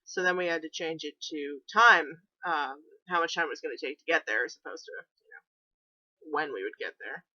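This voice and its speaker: A woman's voice: low voice, moderate pace, bright, forceful tone, dry recording, dull audio. A young woman from New England telling a road trip story in a chatty, sarcastic vlog. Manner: chatty, sarcastic, many fillers.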